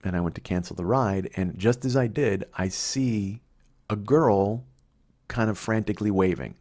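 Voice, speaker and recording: Man, deep voice, middle-aged, swearing a lot, comedic storytelling monologue. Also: normal speed, darkish tone. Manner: profane, rambling, conversational. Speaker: podcast host.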